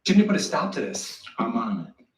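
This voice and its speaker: A man's voice: medium pitch, very animated, moderate pace, far from the mic, close to an everyday voice. A man playing a crude, shameless, flirtatious party guy who talks in a cocky, teasing way, in comedy series acting. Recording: echoey sound from off-mic.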